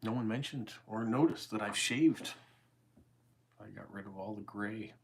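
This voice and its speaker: A man in his forties with a Canadian accent, chatting calmly and easily with viewers during a live stream. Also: lowish voice. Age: 40s. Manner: calm, easygoing, unhurried. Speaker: YouTube host. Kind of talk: casual livestream chat answering viewer comments.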